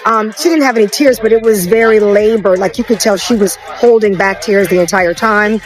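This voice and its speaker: A woman's voice: mid-range voice, normal speed, low-quality recording. A woman reporting from the courtroom in an unscripted, hesitant way, with many fillers and restarts. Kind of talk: live news report. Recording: with music behind.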